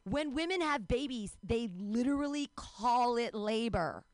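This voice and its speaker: Young woman doing stand-up outside, self-mocking, rambly, dry mic, jumps way up in pitch for the bits. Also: expressive, a little slow, no echo. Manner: rambling, self-mocking, bursts of high-pitched mock panic. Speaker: stand-up comedian. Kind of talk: stand-up comedy set. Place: outdoor comedy show.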